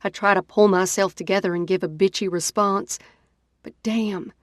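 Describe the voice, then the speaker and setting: A woman narrating a first-person romance audiobook in an expressive, dramatic way. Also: mid-range voice, normal speed, no room sound, clean studio sound.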